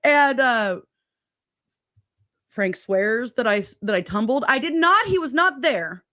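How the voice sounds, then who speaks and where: A woman's voice: on the high side, animated, a little slow, bright, forceful tone. A woman hosting a casual livestream chat, reading viewer comments aloud and laughing often. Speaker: host.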